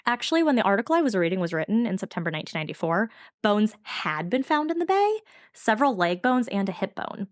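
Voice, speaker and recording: A woman's voice: medium pitch, sing-song, no echo, studio quality. A woman co-hosting a podcast, telling a true-crime case in chatty, casual storytelling. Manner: fast, chatty storytelling from notes. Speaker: podcast co-host.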